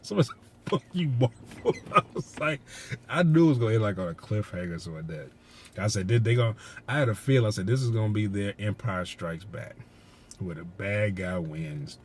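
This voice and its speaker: A man with a very low voice tells a movie's story in a loose, rambling way. He swears freely and gets worked up as he retells the big moments. A faint background hum sits under his voice. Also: fairly quick. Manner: rambling, profane, excitable retelling. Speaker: movie reviewer. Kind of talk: casual spoiler recap.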